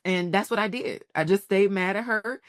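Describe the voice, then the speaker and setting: A woman's voice: medium pitch, moderate pace, no echo, clean studio sound. A woman in her forties, a podcast guest telling personal stories with lots of laughter and acted-out quotes. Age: 40s. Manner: animated storyteller, laughs often, acts out quotes. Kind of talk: casual storytelling interview.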